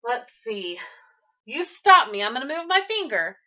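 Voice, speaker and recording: A woman's voice: on the high side, very animated, a little slow, sharp tone, muffled recording. Sing-song woman teaching young children. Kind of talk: early-grade classroom lesson to camera. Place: classroom.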